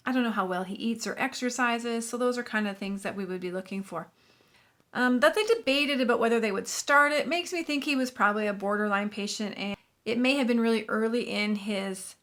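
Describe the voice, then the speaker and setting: A woman's voice: medium pitch, fairly bright tone. A woman who is a nurse and has a Southern US accent, explaining a clinical topic in a chatty commentary video. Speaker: nurse reacting to news clips.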